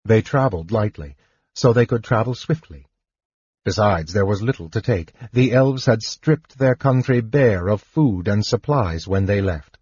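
A man narrating a fantasy audiobook in a measured, even way. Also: on the low side, slightly rough, no echo, dull audio. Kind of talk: scripted narration.

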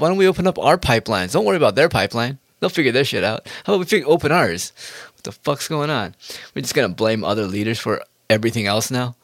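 A man's voice: medium pitch, fairly bright tone, no room sound, clean studio sound. A man ranting in a casual monologue, swearing a lot and jumping from topic to topic. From United States. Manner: profane, heated, jumps between topics.

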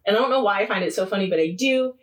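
A young woman chatting casually as a podcast co-host. She tells stories with lively asides and breaks into laughter often. Her voice sits a touch distant from the microphone. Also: mid-range voice. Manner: animated storytelling, laughs often, quick asides. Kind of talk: casual chat.

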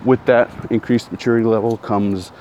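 A middle-aged man with a fairly low voice talks through his podcast while walking outside. He rambles, restarts sentences and breaks off to greet people. Traffic and street noise sit clearly behind him. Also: fairly even intonation, normal speed, darkish tone, lo-fi sound. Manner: rambling, self-correcting, greets passersby. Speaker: podcast host. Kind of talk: casual walking podcast monologue. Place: outdoors in a town, walking. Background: traffic and street sounds.

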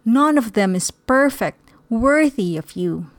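A woman's voice: a little high, expressive, slow, dry recording, clean studio sound. A woman reading the part of a troubled young man who prays for a sign, in an anxious, doubting voice. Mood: wistful.

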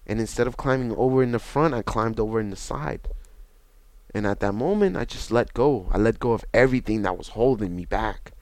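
A young man, telling his own story in a halting, repetitive, reflective way. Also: fairly low pitch, dry recording. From Bronx, New York. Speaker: interview guest. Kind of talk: personal testimony.

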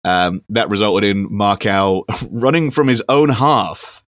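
A man's voice: fairly low pitch, lively intonation, slow, no echo, studio quality. A man co-hosting a podcast, chatting casually and hesitantly with many ums. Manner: rambling, hesitant with many ums, reads facts aloud. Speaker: podcast co-host. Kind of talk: casual chat.

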